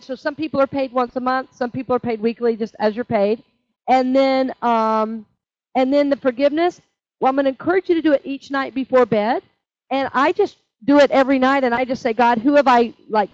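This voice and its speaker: A woman's voice: sits high, darkish tone, dry recording. A woman leading a church class in a chatty, conversational teaching style, often checking in with "right?". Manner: chatty, with frequent "right?" asides. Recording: dull lo-fi dry recording.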